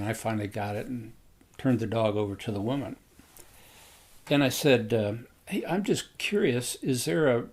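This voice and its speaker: A man casually telling a personal story in an unhurried, rambling way, often pausing on "uh". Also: mid-range voice. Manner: unhurried, rambling, with frequent hesitations.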